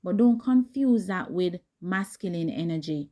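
A woman hosting a dating advice talk, speaking directly and emphatically in a casual way, with a voice that is not high or squeaky. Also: expressive, a little slow, dull audio. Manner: direct, emphatic, conversational with quoted asides.

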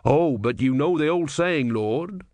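A man's voice: a little high, animated, a little mellow, dry recording, voice pushed up. A man voicing a nervous, blundering male ship's captain who halts and stumbles in folksy speech. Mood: flustered. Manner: flustered, halting, folksy. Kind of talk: audiobook character voice.

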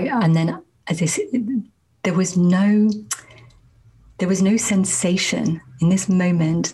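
Woman telling her testimony real slow, soft and halting, lowish breathy voice that drifts into whispers. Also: poor audio. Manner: soft, halting, often slips into a near whisper. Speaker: Christian minister sharing a testimony. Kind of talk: slow, reflective spoken testimony.

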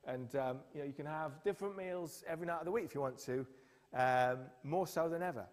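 A man's voice: on the high side, a little fast. A man preaching a sermon, telling the story with acted-out quotes. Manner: storytelling, acts out quotes with lively voices. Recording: long hall reverb.

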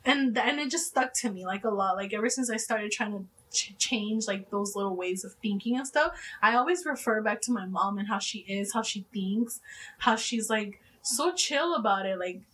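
A woman's voice: medium pitch, normal speed, fairly bright tone. A young adult woman hosting a podcast in casual chat, talking chattily with lots of "like" fillers and frequent laughs. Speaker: podcast host.

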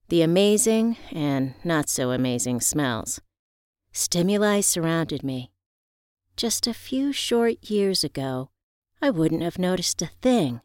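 A woman telling a first-person story as audiobook narration, reflective and expressive. Her voice sits on the low side but moves with a lively, animated melody. The recording is close and dry. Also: clear, resonant tone, no echo.

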